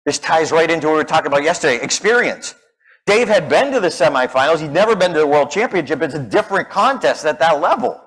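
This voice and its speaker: Male speaking coach, slightly high voice, animated storyteller who acts out his characters. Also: quick pace, breathy edge, poor audio. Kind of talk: storytelling keynote talk.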